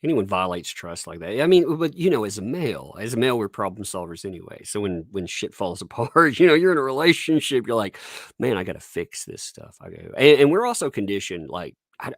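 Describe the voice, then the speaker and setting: A man's voice: fairly low pitch, very animated, fast, hardly any pauses, fairly bright tone, dry recording, clean studio sound. A man hosting a casual podcast chat, frank and profane, laughing mid-sentence. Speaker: podcast host.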